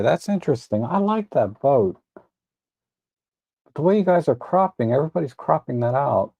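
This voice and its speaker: Gravelly, relaxed livestream host. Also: male voice, on the high side, moderate pace, pauses often, no room sound. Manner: relaxed, rambling, self-correcting with frequent restarts; tired, admits yawning. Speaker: photo editing livestream host. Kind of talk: casual live commentary.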